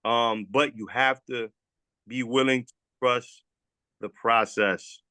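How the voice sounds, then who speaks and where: A man's voice: medium pitch, fairly even intonation, slow, sharp tone, dry recording. A man speaks with raw, heartfelt earnestness, his sentences breaking off and starting again as he repeats words. His voice sits in an ordinary middle register, recorded dry and close with no room sound around it. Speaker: former guest sharing recovery story. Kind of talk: emotional testimonial.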